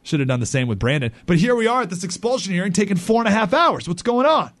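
A man's voice: high-pitched, quick pace, no room sound. A male talk radio host riffs on a local story with real indignation, and his voice leaps and drops all over. He is recorded dry and close, with no room sound at all. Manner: animated, indignant, acts out quotes.

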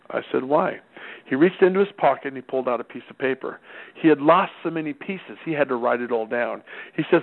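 A man's voice: mid-range voice, brisk, gravelly. A middle-aged man speaking at a parenting seminar, telling a folksy family anecdote and acting out the dialogue. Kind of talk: storytelling talk. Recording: tinny phone-like radio sound.

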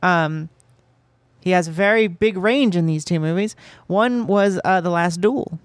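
A podcast co-host chatting casually and rambling through a movie recap with small laughs. The voice sits at an even middle pitch and was recorded dry and close. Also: a little slow, no room sound. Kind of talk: casual chat.

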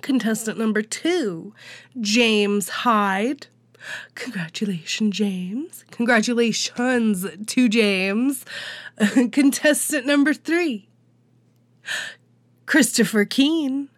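A woman's voice: a little high, slow pace, long pauses, no echo. A woman hosting a podcast while sick with a cold, her voice nasal, chatty and self-deprecating as she reads out news. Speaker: podcast host. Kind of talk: casual podcast news update.

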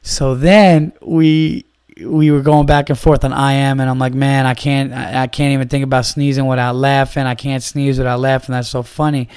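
A man's voice: mid-range voice, normal speed, clean tone. Male podcast host, casual storyteller with a mid-range voice, loose and profane. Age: adult, began comedy around 2003. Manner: animated, swearing, breaks into loud laughter.

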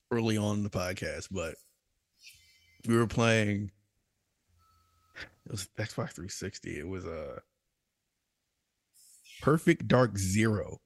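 A young man co-hosting a gaming podcast, telling stories in a loose, animated way, laughing and raising his voice when quoting others. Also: on the low side, dry recording. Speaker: podcast co-host. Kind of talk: casual storytelling chat.

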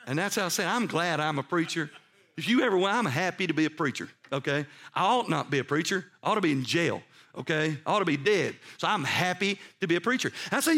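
Preacher man, hushed to emphatic. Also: on the high side, fast. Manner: swings between soft hushed passages and loud emphatic ones; repeats words when excited, conversational asides. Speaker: pastor. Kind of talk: sermon.

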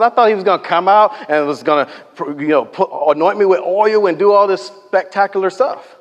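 Conversational preacher in an echoey hall. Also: male voice, sits high, a little fast, hardly any pauses, dull audio. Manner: conversational, storytelling, acts out quotes. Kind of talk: sermon.

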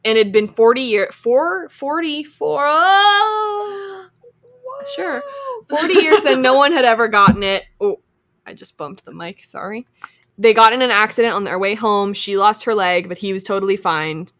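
A woman's voice: a little high, moderate pace, fairly bright tone. A woman hosting a casual podcast, chatty and giggly, steering the talk from one segment to the next. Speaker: podcast host.

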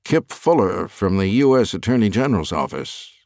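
Give me a man voicing an inquisitive, slightly uneasy government lawyer with a lively voice. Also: fairly low pitch, normal speed, gravelly, dry recording, studio quality. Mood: inquiring. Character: curious male government lawyer.

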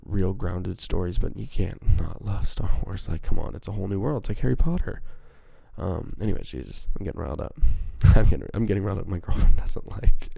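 Male podcaster, very deep gravelly voice, dark tone, loose profane rambling. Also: no echo. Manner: rambling, profane, self-mocking. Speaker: podcast host. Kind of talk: casual solo podcast chat. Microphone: handheld microphone.

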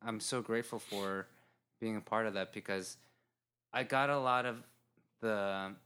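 A man chatting casually as a guest, talking haltingly with many restarts. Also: lowish voice, pushed and bright, clear, resonant tone. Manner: halting, restarts often, laughs at himself. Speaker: guest actor and writer. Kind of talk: casual podcast chat.

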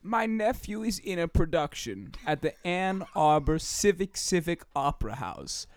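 A rambling, creepy old widower in his nineties, as a man puts him on, with a high, lively voice that swings up and down. He talks slowly and deadpan, drifting from one odd claim to the next. The recording is close and dry. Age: 90s. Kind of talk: improvised comedy podcast character.

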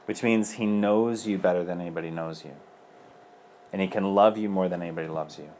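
A man's voice: low-pitched, a little fast, a little mellow, slight background noise. A young man speaking as a priest, giving an earnest personal testimony in a loose conversational way. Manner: earnest and conversational, many fillers.

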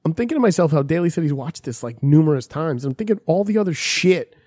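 Dude ranting on a podcast, swears a lot, kinda high voice, dry sound. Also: male voice, animated, fast talker, a little mellow, husky, no echo. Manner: profane, ranting, acts out quotes. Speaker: podcast co-host. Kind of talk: casual chat.

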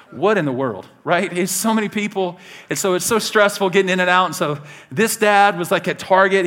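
A man preaching a sermon to his church, animated and conversational, laughing along with his stories and talking straight to the congregation. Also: fairly high pitch. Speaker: pastor.

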